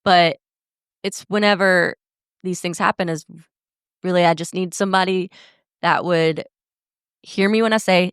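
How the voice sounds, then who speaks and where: A woman's voice: lowish voice, steady tone, a little slow, pauses often, a bit bright, smooth, no echo, studio quality. A young woman hosting a podcast, talking in a candid, blunt way and swearing freely in a casual monologue. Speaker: podcast host.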